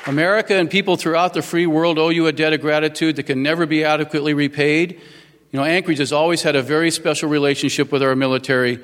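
A man's voice: fairly high pitch, steady tone, fast talker, fairly bright tone, a faint crowd. Earnest man speaking in a reverberant hall. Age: 50s. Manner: folksy and earnest, with many fillers. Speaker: mayor giving an inaugural speech. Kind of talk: formal public speech with thanks.

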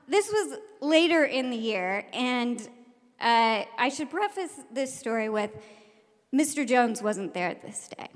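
A teacher tells an audience a personal story, performing different voices and shouting out the quoted lines. Her voice sits high, and there's a long reverb tail.

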